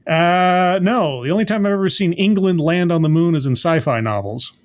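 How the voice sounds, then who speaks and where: High-pitched upbeat male show host. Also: moderate pace. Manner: upbeat, playful, reading out viewer names. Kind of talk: casual chat.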